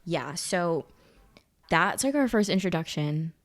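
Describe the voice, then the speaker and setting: A woman's voice: fairly low pitch, lively intonation, measured pace. A young adult woman co-hosting a podcast, chatting casually and with enthusiasm about a film, often quoting the characters. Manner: enthusiastic, quotes characters in mock voices. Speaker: podcast co-host.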